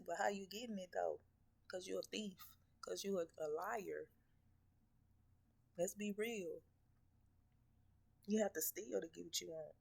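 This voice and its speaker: Gravelly, low-voiced scolding woman preacher. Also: a little slow, long pauses. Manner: scolding, profane, confrontational; rhetorical questions. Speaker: spiritual reader. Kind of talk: blunt preaching message to viewers.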